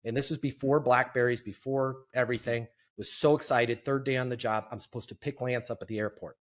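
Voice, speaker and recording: A middle-aged man and sales trainer telling a lively, self-deprecating story as a guest in an interview. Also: medium pitch, fairly quick.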